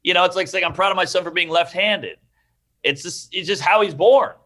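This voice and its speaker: A man's voice: sits high, brisk. A man in his thirties, a stand-up comedian chatting casually as a podcast guest, acting out the people in his stories. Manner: animated, acts out quoted voices.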